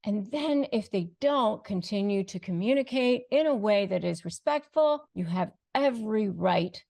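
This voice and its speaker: Woman with a gravelly edge talking straight to camera, punchy advice, leans on key words. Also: medium pitch, expressive, a little mellow. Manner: emphatic, slows down to stress key phrases. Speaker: host giving advice. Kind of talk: direct-to-camera advice talk.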